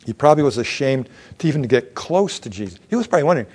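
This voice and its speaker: A man's voice: medium pitch, big pitch swings, very fast, few pauses, darkish tone, breathy edge. Man preaching a sermon. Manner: reads scripture aloud, acts out voices of the figures; asks the congregation questions. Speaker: pastor.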